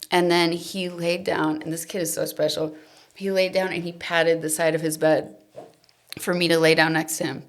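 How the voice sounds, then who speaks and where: A woman in her thirties, a podcast guest, candidly telling an emotional personal story, often dropping to a soft, trailing voice. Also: lowish voice, level tone, moderate pace. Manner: emotional, confessional, trails off softly.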